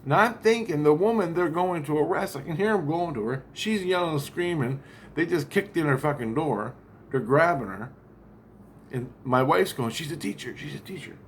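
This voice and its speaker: A man's voice: a little high, moderate pace, slight background noise. A man telling a long account of a dream in a rambling, profane way, with many restarts and asides. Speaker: vlogger.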